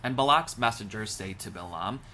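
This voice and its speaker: Wry, bright-voiced male rabbi. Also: lowish voice, moderate pace, a little hiss or hum. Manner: wry, deadpan asides. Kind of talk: comic retelling of scripture.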